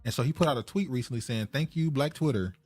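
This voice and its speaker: A man's voice: medium pitch, fast, a little mellow, faint music behind. A man co-hosting a casual podcast, laid-back and chatty, often laughing. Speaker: podcast co-host.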